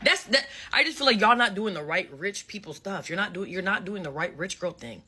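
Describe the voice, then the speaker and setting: A woman's voice: mid-range voice, animated, fairly quick, bright, forceful tone, breathy edge. A woman giving a blunt, emphatic casual commentary rant, hammering points home by repeating phrases. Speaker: social media commentator.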